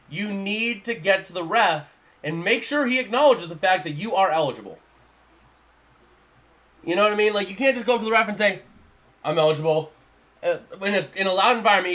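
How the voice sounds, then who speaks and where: High-voiced man calling live scores. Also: pushed and bright. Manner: rambling, repeats himself, casual. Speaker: live stream commentator. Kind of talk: live play-by-play and analysis.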